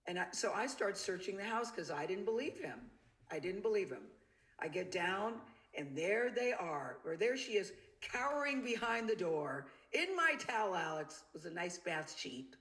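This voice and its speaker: A woman's voice: mid-range voice, normal speed. Woman telling a personal story with feeling. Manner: animated, acts out the quoted voices. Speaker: interview guest. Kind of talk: storytelling in an interview clip.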